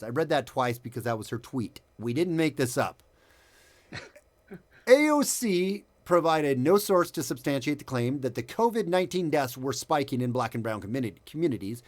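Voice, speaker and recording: A man's voice: medium pitch, sing-song, moderate pace. A man hosting a casual commentary podcast, sarcastic, reading quotes aloud and stumbling over words. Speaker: podcast host.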